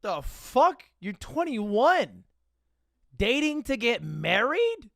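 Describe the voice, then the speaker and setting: A man streaming live and reacting to a video with animated, profane, mocking commentary. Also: very high voice, slow, gravelly, no room sound, studio quality.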